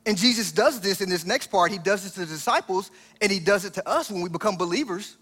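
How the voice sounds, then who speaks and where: A man's voice: high-pitched, lively intonation, fast talker, sharp tone, big-room sound. A man preaching a sermon as pastor, in a conversational style that acts out the lines he quotes.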